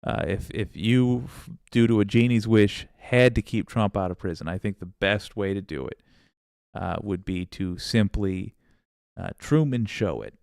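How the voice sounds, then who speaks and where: Male livestream host, low and gravelly, sarcastic and loose, swears and laughs while reading chat. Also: a little slow, darkish tone, no echo, studio quality. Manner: rambling, sarcastic, swears freely, laughs often. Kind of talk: casual livestream chat reading viewer comments.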